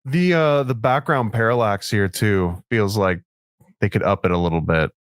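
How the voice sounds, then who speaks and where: A man with a lowish voice chats casually over a voice call while playing a game, laid-back and joking, calling his friend dude and man. He's a guest player in a gaming video, talking at a moderate pace in clean, studio-quality audio with no echo.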